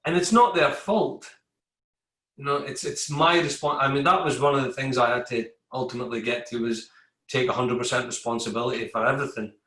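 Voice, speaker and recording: A man's voice: medium pitch, steady tone, fairly quick, bright, forceful tone. A man, an army veteran, telling his story in a candid podcast conversation, acting out exchanges with coworkers. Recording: echoey room.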